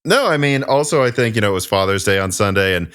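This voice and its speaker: A man's voice: on the low side, animated, fast talker, a bit bright, clear, resonant tone, no echo, clean studio sound. A man hosting a casual tech podcast, chatty and sarcastic, rambling with restarts. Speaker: podcast host.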